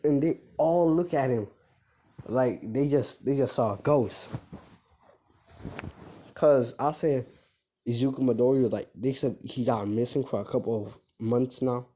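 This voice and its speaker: A man's voice: mid-range voice, unhurried, long pauses, dark tone, a little hiss or hum. Man rambling through a made-up fan story. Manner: rambling, self-correcting, slangy. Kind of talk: improvised fan-fiction storytelling.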